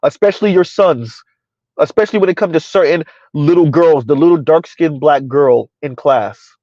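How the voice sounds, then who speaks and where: A man with a slightly high voice, talking through a casual commentary stream. He argues in rhetorical questions and keeps checking in with "right?" and "huh?". The sound is dry and a little dull, like a home setup with a modest mic. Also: moderate pace, mellow, no room sound. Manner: rhetorical, repeats "who would have ever thought" and "right? huh?"; talks about himself in third person. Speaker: commentary host.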